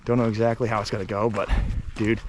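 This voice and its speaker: A man vlogging casually outdoors near railroad tracks, rambling with many fillers and sometimes dropping to a hush. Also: fairly low pitch, flat delivery, fast, background noise. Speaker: urban explorer vlogger. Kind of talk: casual vlog narration.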